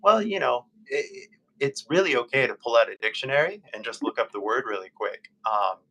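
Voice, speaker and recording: A man with a Californian American accent, chatting casually on a live stream as an English tutor, patient and full of fillers, repeating questions slowly. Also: medium pitch, expressive, sharp tone, slight background noise, poor audio. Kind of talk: live-stream conversation practice.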